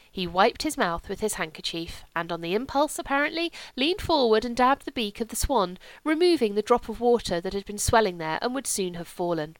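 A woman reading a novel aloud as a measured, literary audiobook narration. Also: mid-range voice, no room sound. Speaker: audiobook reader. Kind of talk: scripted narration.

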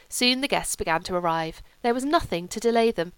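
A woman reading a novel aloud as a measured, literary audiobook narration. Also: medium pitch, lively intonation, clear, resonant tone, no echo. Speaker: audiobook reader. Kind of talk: scripted narration.

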